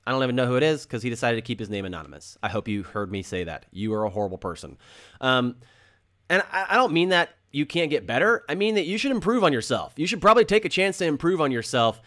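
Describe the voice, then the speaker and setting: A man's voice: mid-range voice, big pitch swings, fast, a bit bright. A man hosting a crypto channel, talking casually and earnestly and repeating phrases for emphasis while he explains with drawings.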